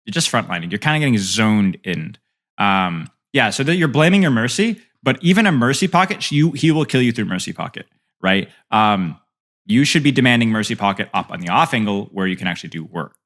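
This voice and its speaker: Lively man coaching gameplay on stream. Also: lowish voice, a little fast. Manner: lively and playful, teasing chat between tips. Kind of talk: casual coaching commentary to stream chat.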